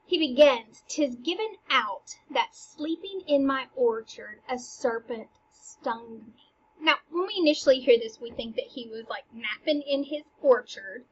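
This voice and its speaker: A woman giving a casual lesson that explains a play, animated and jokey, with playful asides. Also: a little high, husky, lo-fi sound.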